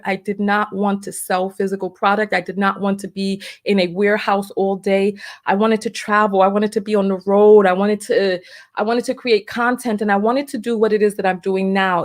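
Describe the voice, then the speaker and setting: A middle-aged woman vlogger talking emotionally about her past business and her book, fighting back tears and repeating herself. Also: medium pitch. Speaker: vlogger and entrepreneur. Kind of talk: emotional personal vlog.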